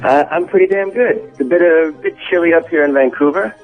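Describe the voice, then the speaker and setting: A man calling in as a guest to a radio talk show, relaxed and joking about himself. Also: fairly high pitch, brisk. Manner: relaxed, self-deprecating, joking. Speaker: phone-in guest, actor. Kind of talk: casual radio interview. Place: Vancouver. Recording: tinny phone line with faint music.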